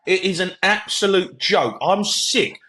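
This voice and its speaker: A man's voice: high-pitched, lively intonation, unhurried, a crowd in the background. A man co-hosting a football podcast, heated and ranting, swearing and talking over his co-host with punchy repeated phrases.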